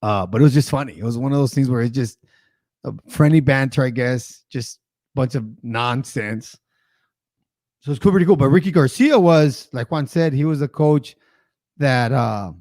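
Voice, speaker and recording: A man's voice: mid-range voice, a little mellow, dry recording, clean studio sound. A man hosting a casual live show, telling stories in a chatty, rambling way. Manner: chatty storyteller, laughs often; rambling with filler asides. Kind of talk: casual livestream chat.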